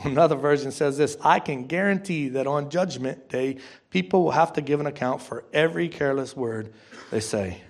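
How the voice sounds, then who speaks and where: Pastor, male, high voice, casual conversational preaching, repeats phrases, quizzes the congregation. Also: moderate pace. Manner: conversational, asks the congregation direct questions; repeats key phrases for emphasis. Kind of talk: sermon.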